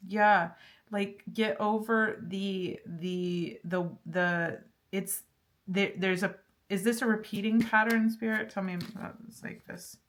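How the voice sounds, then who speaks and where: A woman's voice: medium pitch, steady tone, unhurried. A woman giving a casual pick-a-card tarot reading, chatty and laughing often, with lots of fillers and restarts. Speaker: tarot reader.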